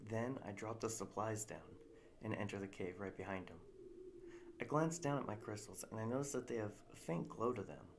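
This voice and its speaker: A man's voice: fairly low pitch, brisk, background noise. A man reading a story aloud in a live narration, casual and unpolished, with restarts.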